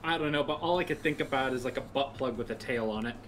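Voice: mid-range voice, fast talker, fairly bright tone, slight background noise. A friend chatting along during a gaming session, telling stories and making crude, teasing jokes. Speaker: co-commentator friend. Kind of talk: casual gaming chat.

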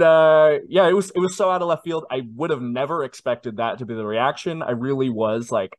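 A man in his twenties, telling a personal story in a casual interview with animated, self-deprecating asides. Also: medium pitch, a little fast, few pauses, no echo. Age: 20s. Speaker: guest.

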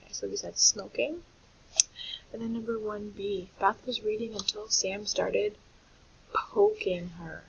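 Lady teacher going over spellings slowly for little kids, a bit of fry in her voice, muffled recording. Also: mid-range voice, steady tone. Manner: clear, deliberate, slows to spell out sounds. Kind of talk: reading lesson for young children. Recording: dull lo-fi recording with faint hiss.

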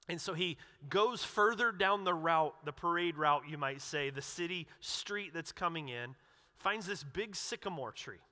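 Bright-voiced pastor in an echoey hall. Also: male voice, fairly high pitch. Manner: casual and animated, acts out quotes with restarts. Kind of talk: conversational sermon. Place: church sanctuary.

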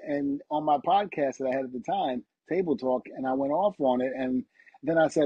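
Middle-aged man, podcast guest, husky and warm, animated storyteller, dry dull recording. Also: medium pitch, normal speed, dry recording. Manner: animated storytelling, acts out quotes. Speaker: podcast guest, retired wrestler. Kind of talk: casual interview chat.

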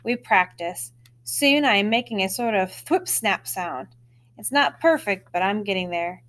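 A woman reading a children's chapter book aloud, with expressive storytelling and lively lifts in her voice. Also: mid-range voice, unhurried.

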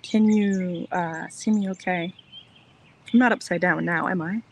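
Soft-spoken woman livestreaming outdoors. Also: lowish voice, fairly even intonation, a little slow, a little hiss or hum. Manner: chatty, reassuring, rambling. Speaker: crochet designer hosting a livestream. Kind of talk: casual livestream chat. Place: outdoors in the sun. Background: birds chirping.

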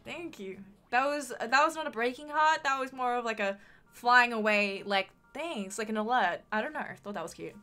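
A woman's voice: a little high, normal speed, pushed and bright, soft background music. A young woman with a mild Australian accent, chatting casually on a live stream, swearing freely and reading chat aloud.

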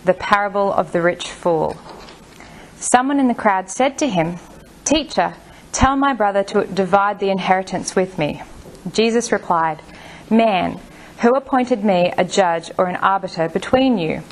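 Measured woman reading scripture. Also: mid-range voice, a little hiss or hum, poor audio. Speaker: scripture reader.

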